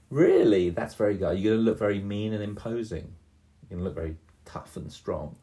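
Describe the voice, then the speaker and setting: The game master, a man in his fifties with a voice on the low side, narrates a tabletop game for a little girl. He speaks slowly and softly, like a storyteller, and often pauses to quiz her.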